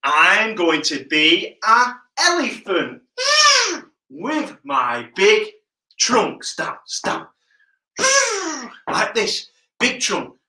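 Guy coaching kids pe online, bouncy lively voice, bright, echoey room. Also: high-pitched, extremely slow. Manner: energetic, playful, shouting instructions. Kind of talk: live online kids' PE lesson. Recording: roomy echo.

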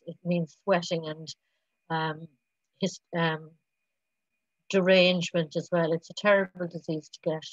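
Halting woman giving a lecture. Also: lowish voice, dry recording. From Ireland. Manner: rambling, halting, many restarts and fillers. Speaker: lecturer in archaeology. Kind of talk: public lecture. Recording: dull lo-fi recording.

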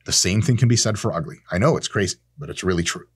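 A man in his thirties hosting a casual monologue, animated and swearing freely, acting out imagined exchanges. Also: deep voice, quick pace, slightly rough. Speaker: host.

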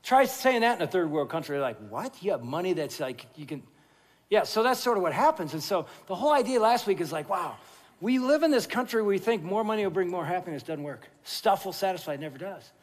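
High-voiced pastor in a big echoing church. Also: male voice, fast talker. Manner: animated, jokey storyteller who turns quiet and earnest. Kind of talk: sermon with storytelling. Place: large church sanctuary. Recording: long reverb of a large church hall.

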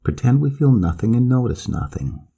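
A man's voice: medium pitch, sing-song, moderate pace, vocal fry, mellow, breathy edge, voice pushed up, full character voice. A man reading as a frightened Swedish companion. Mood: urgent warning.

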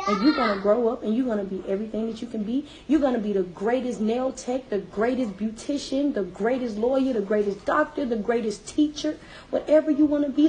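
Woman, high-pitched, hairstylist, live-stream chat, emphatic, emotional, near tears. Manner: lively, emphatic. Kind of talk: casual live-stream talk.

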